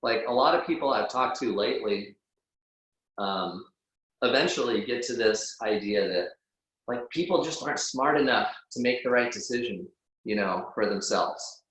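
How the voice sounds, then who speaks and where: A man talks bluntly and casually, swearing freely and leaning on "like" as filler. His mid-pitched voice rings through a strongly echoing room. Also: normal speed, fairly bright tone. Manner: blunt and profane, peppered with "like". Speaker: podcast guest. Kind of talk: casual conversational interview. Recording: very echoey room.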